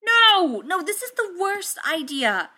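A woman reading aloud, voicing a brash, sarcastic male inventor who talks quickly, pushily and loudly. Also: medium pitch, animated, lightly acted. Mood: panicked.

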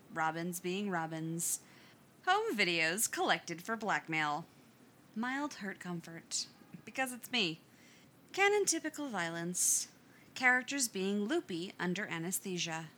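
Brief: female reader of fan fiction, expressive, unhurried, bright tone. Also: mid-range voice, slight background noise. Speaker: story reader. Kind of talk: audiobook narration of fan fiction.

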